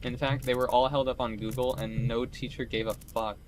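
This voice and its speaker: A man's voice: medium pitch, little pitch movement, moderate pace, slight background noise. A young man chatting casually during a game stream, rambling, swearing and laughing often. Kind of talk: casual gaming stream chat.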